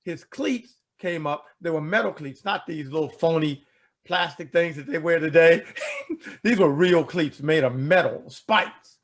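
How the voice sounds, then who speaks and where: A man telling a personal story in an animated way, asking rhetorical questions and repeating words as he talks. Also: on the high side, unhurried. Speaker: speaker telling a life story. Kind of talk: storytelling talk.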